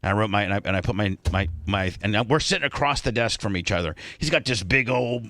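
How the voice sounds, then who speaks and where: Animated male radio host telling a story. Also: fairly low pitch, fast talker. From Indiana. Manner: animated storyteller, acts out other people's lines. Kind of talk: storytelling on a talk show.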